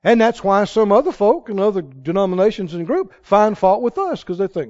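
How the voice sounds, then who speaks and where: A man preaching a sermon, dramatic and animated, quoting scripture and building to shouted peaks. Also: high voice, a little fast, hardly any pauses, highs cut off.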